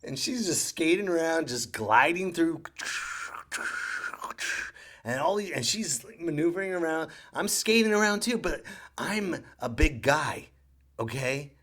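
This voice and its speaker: Animated, exasperated male comedy storyteller. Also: a little high, measured pace. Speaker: podcast host.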